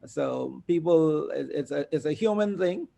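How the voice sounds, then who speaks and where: A man walks through inheritance law. He speaks in a measured way, often pauses on "um", and breaks into small laughs. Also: fairly high pitch, expressive, vocal fry, warm tone. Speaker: lawyer guest. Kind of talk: explaining property law in a casual chat.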